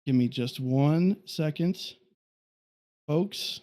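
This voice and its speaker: A man's voice: a little high, very slow, mellow. A man giving color commentary on a sim racing broadcast, rambling with frequent restarts. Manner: rambling, with many restarts and fillers.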